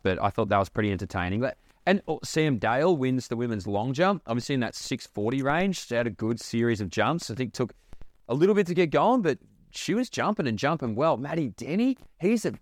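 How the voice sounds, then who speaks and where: Animated young Aussie podcast host. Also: male voice, medium pitch, no room sound. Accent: Australian. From Australia. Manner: animated, swears freely, lots of fillers. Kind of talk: casual rambling podcast monologue.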